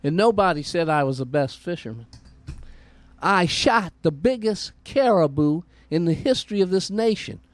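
A man's voice: high-pitched, animated, moderate pace. A man voicing a boastful, strapping male hunter in a bar joke, sounding indignant. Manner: bragging and indignant.

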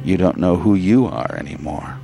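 A man's voice: low-pitched, animated, moderate pace, vocal fry, over music. A man voicing a frightened, desperate young woman.

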